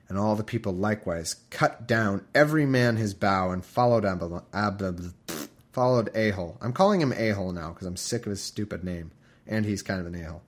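A man hosting a podcast, reading scripture aloud with wry, irreverent asides. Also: on the low side. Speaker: podcast host. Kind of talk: comedic scripture reading with commentary.

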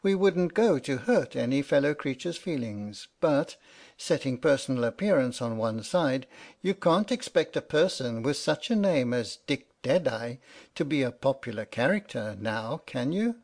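A man's voice: medium pitch, expressive, moderate pace, a little mellow. A man voicing a bluff, good-natured sailor in an audiobook reading, with a blunt, reasoning manner.

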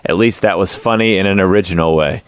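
Joking podcast co-host, low voice. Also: male voice, fast, dry recording. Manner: jokey, reads aloud with exaggerated voices. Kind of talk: casual banter, reading listener email.

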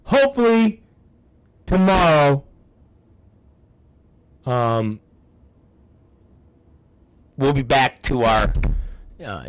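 A middle-aged man telling a story as a wrestling promoter on a talk show. He rants with profanity and breaks into shouting. His voice rises and falls sharply, and he keeps an unhurried pace. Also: mid-range voice, a little hiss or hum. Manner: profane, ranting, bursts into shouting. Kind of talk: ranting podcast talk.

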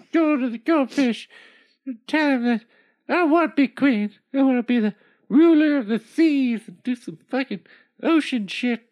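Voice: mid-range voice, big pitch swings, normal speed, voice pushed up, close to an everyday voice. A performer voicing a greedy, domineering old woman who swears and barks orders, in a comic storybook reading. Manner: foul-mouthed, shouting orders. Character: greedy bossy old woman turned ruler.

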